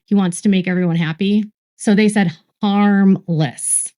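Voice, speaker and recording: A woman in a played clip, giving gossip commentary and repeating words slowly for emphasis. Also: medium pitch, steady tone, warm tone. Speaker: online commentator.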